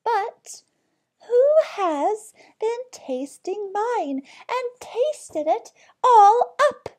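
A woman voicing a teeny tiny boy bear from a storybook, squeaky and wailing. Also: animated, drawn-out words, a little mellow, full character voice. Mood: tearful.

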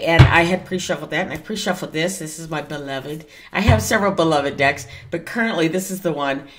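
A woman's voice: sits low, fairly bright tone. A woman talking casually in a vlog as a tarot reader, chatty and digressive, with some mild cursing.

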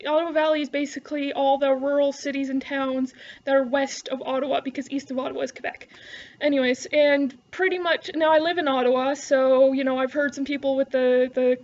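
A Canadian woman with a Canadian accent talks casually to her camera, rambling and sarcastic. Her voice sits high, and the home recording sounds slightly dull and lo-fi. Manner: rambling, sarcastic, laughs often. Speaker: vlogger.

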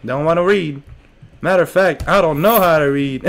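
Fairly high-pitched and moderately paced, this male let's play streamer keeps up relaxed commentary on his game. He jokes around with his chat and himself, and the scares make him yelp.

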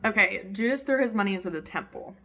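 A young woman hosting a podcast from home, retelling a story in a chatty, animated way with many fillers. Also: mid-range voice, fast talker. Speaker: podcast host. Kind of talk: casual storytelling chat. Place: home with her dog nearby.

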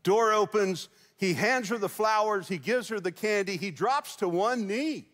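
A pastor with a fairly high, slightly bright voice delivers a sermon at a measured pace, telling a folksy, joke-filled story and chuckling between lines. His words echo at length through a large, reverberant church hall.

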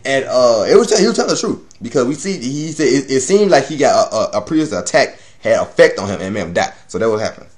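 Animated, rambling man reviewing anime. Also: medium pitch, fast talker, few pauses. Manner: rambling, profane, laughs often. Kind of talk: casual episode review.

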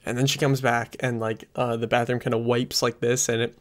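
A man's voice: medium pitch, little pitch movement, fairly quick. A man giving a casual spoken review into a close USB desk microphone, rambling with lots of fillers. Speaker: film and TV reviewer.

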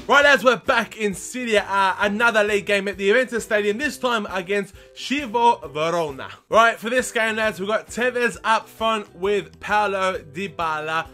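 A young man commenting live on his football video game, chatty and excitable, shouting at the big moments. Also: high-pitched, moderate pace, slight background noise. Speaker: gaming video host.

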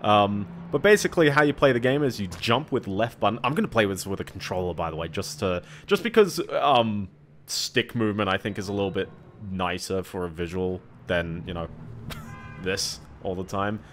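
A man's voice: fairly low pitch, lively intonation, normal speed, a bit bright, a little hiss or hum. A man streaming a game, giving rambling, chatty commentary full of fillers and small laughs. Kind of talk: casual gameplay commentary. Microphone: desk microphone.

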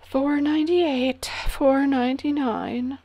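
A woman's voice: high-pitched, steady tone, slow, warm tone, voice pushed up. A woman reading a storybook aloud and voicing a tired old male knight who calls out and counts breathlessly. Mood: weary.

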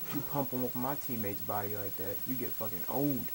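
A young man casually commentating while he plays an online shooter, swearing and complaining with sudden excited outbursts. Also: fairly low pitch, fairly quick. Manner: profane, frustrated, with excited outbursts. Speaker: gamer. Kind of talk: live commentary over gameplay. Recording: noisy capture over game audio. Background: game sounds.

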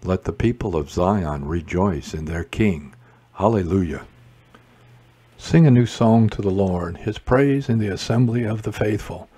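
A man leading morning prayer, reciting psalms and responses in a measured liturgical way. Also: sits low, dark tone, husky. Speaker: prayer leader.

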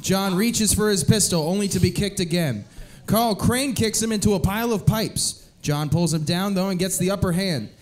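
A man's voice: high voice, moderate pace, a little mellow. A man narrating stage directions in a comedic live script reading, often breaking into giggles. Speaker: narrator and host.

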